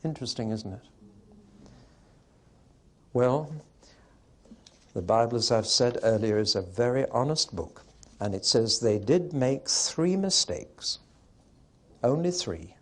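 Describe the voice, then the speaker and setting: A man preaching a sermon to a live audience with an emphatic, wry delivery and pauses for effect. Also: medium pitch, lively intonation.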